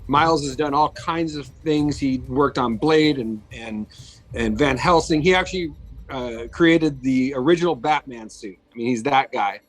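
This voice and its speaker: A man's voice: medium pitch, moderate pace, low-quality recording. Chatty man telling career stories. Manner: chatty, many fillers and restarts. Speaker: guest, makeup effects artist. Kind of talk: casual interview storytelling.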